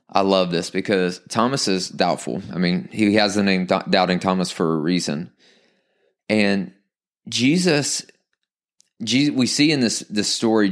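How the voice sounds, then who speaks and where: A young adult man preaching a sermon in a conversational, animated way, reading scripture and acting out quick asides. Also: lowish voice. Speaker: pastor.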